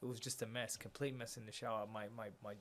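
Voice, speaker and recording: A man's voice: mid-range voice, little pitch movement, quick pace, fairly bright tone. A man in his thirties, an interview guest, earnestly telling a personal story and retelling scenes through quoted dialogue, with many fillers. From Australia.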